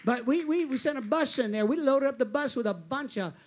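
Guy preaching, really high voice, animated storytelling, lots of amens. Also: a little fast, a little hiss or hum. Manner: animated, laughing, calls for amens. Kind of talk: storytelling sermon.

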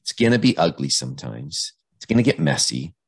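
Middle-aged guy with a really low deep voice, earnest podcast guest, trips over a few words to start. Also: very animated, a little fast, gravelly, slightly rough. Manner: earnest, repeats words when starting phrases. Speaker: podcast guest, police officer. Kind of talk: earnest conversational interview.

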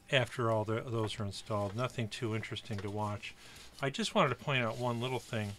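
A man's voice: medium pitch, a bit bright, a little hiss or hum. A middle-aged man from the Buffalo, New York area, narrating his kit build in a chatty, rambling way with fillers. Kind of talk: casual workbench narration.

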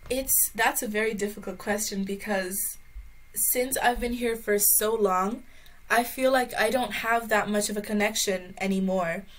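A young woman from Brazil, a guest chatting casually in an interview, with a mixed American and Irish-sounding accent and a giggly, animated manner. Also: medium pitch, normal speed, rough recording. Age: young adult.

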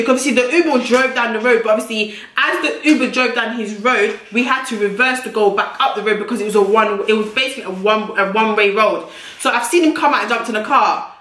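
A woman's voice: a little high, fairly bright tone. Brash woman in an echoey room. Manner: blunt, brash, swears freely. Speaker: YouTuber. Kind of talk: storytime vlog.

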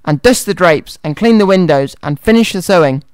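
Man doing a cruel stepmother, sneering, bossy, raised pitch, smooth clear voice. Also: expressive, brisk, no room sound. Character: cruel haughty stepmother, woman, middle-aged. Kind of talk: storybook reading on radio.

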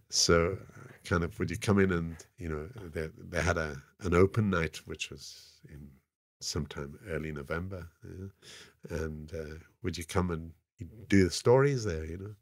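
Older man, south african accent, very deep voice, dry close sound, rambling storyteller, lots of fillers. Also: normal speed, no room sound. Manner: rambling, frequent "you know" fillers. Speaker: podcast guest. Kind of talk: casual anecdotal storytelling.

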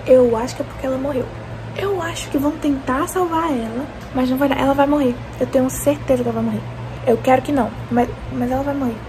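A woman's voice: sits high, racing, noisy background. A young woman, ranting dramatically and exasperatedly about a book in a casual reading vlog. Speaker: book vlogger.

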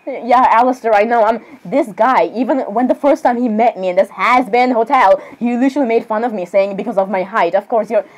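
A young woman speaks in character as a cosplayer, rambling and giggling and apologizing often in this role-play chat. Her voice is fairly high, and she talks briskly with few pauses.

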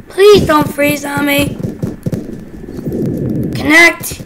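Very high-pitched excitable woman gamer. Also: drawn-out words, long pauses. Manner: excitable, squealing and shouting between whispered asides. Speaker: gaming channel host. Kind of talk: game commentary. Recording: home recording with clear background noise.

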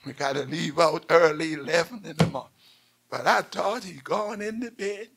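A man preaching a call-and-response sermon, swinging from shouts to near-whispers as he tells stories. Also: fairly high pitch, moderate pace, vocal fry, breathy edge.

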